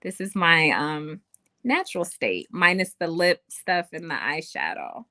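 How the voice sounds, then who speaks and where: Young woman livestream host, casual chatty delivery, lively swinging pitch, low-ish voice, dry close sound. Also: measured pace, dry recording. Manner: chatty, reads viewer comments aloud. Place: home room. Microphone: webcam or phone mic.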